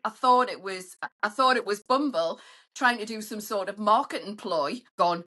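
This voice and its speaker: A middle-aged woman, telling cheeky stories in a casual group chat and acting out quotes in high voices. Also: normal speed, pushed and bright. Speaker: panel member.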